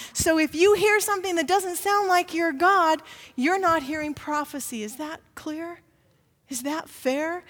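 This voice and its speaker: A woman preaching a sermon, telling a story that moves from hushed asides to forceful emphasis. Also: sits high, in a large hall.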